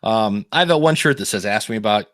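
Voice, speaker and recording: A man's voice: fairly low pitch, lively intonation, fast talker, fairly bright tone, no echo, studio quality. A man co-hosting a podcast, telling stories in casual chat, laughing often. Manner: chatty storyteller, laughs often, many fillers. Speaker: podcast co-host.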